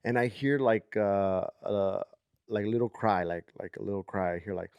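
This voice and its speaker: A man in his thirties tells a long story on a podcast, rambling and checking in with his listener. His voice sits on the low side. The recording is dry and close. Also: measured pace, smooth, dry recording, muffled recording. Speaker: podcast co-host. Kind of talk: casual storytelling chat.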